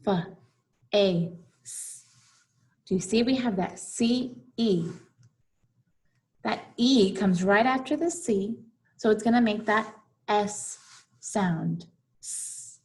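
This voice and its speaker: Slow, deliberate woman teaching phonics. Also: mid-range voice, a little mellow. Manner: slow, deliberate, repeating each word twice. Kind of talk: phonics lesson for young children.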